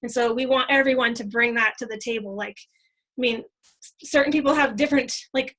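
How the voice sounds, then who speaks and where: A high-pitched woman talks eagerly to her team, chatty and full of fillers. Her voice is bright and forceful. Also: steady tone, fairly quick, low-quality recording. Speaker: team leader. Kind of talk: casual team training talk.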